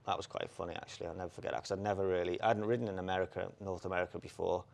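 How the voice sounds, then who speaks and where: A man with a deep, gravelly voice tells racing tales in relaxed chat. He gets animated as the stories build and laughs along with them. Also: very fast. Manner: animated anecdotes, laughs, quotes people in put-on voices. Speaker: former jockey, co-host. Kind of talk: casual storytelling chat.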